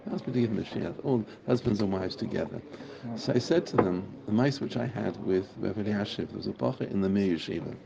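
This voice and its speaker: A man's voice: lowish voice, quick pace, creaky, hardly any pauses, very noisy. A man teaching a Torah class in a casual, enthusiastic way, repeating phrases for emphasis. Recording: muffled recording with a crowd audible.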